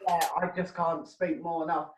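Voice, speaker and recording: A woman's voice: lowish voice, little pitch movement, normal speed, reverberant, loud music behind the voice, low-quality recording. A woman hosting a comedy show from home over a video call, ranting and swearing and laughing at her own jokes. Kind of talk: casual rambling stand-up hosting.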